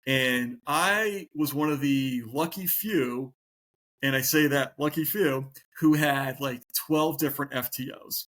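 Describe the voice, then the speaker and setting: A middle-aged police officer tells stories in a casual interview, speaking a little slowly in a medium-pitched voice. He's profane and animated, swearing a lot and acting out what he was thinking at the time.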